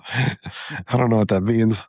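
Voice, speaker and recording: A man's voice: lowish voice, creaky, darkish tone, no room sound. A man in his forties, a podcast co-host, griping about himself in casual self-deprecating chat. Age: 40s.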